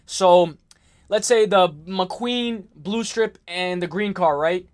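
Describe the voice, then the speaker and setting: A young man hosting a livestream in casual chat, excitable and rambling, often repeating himself and saying "like" and "bro". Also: high voice, slow pace. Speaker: livestream host.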